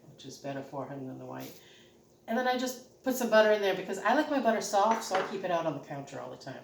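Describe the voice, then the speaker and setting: A woman's voice: low-pitched, vocal fry, background noise. A middle-aged woman with a regional American accent, chatting casually and laughing now and then as she cooks at home. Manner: chatty, homey, laughs often while talking. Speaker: home cooking channel host. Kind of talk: casual cooking demonstration. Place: home kitchen. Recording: echoey kitchen, mic at a distance. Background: clatter of dishes and cutlery.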